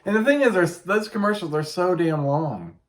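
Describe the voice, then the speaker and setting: A man's voice: high-pitched, expressive, moderate pace, a little hiss or hum. A man in casual chat, earnest and rambling, swearing as he goes.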